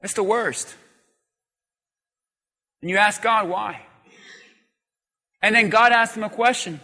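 A man's voice: high voice, slow pace, pushed and bright. A male pastor preaching a sermon with an emphatic, call-and-response delivery. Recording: long reverb of a large hall.

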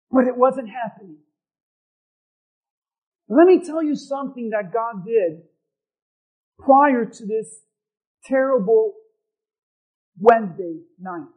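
A man's voice: extremely high pitch, slow pace, long pauses, a little mellow, rough recording. A man preaching as a pastor, telling a personal story and calling for responses from the congregation. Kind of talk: sermon.

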